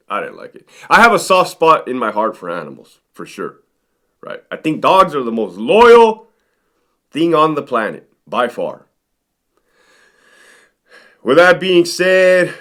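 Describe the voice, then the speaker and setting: A man's voice: medium pitch, a bit bright. Guy spinning old prison guard stories, voice all over the place, keeps going "right?". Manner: conversational, tags sentences with "right?". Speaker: former correctional sergeant. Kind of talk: storytelling to camera.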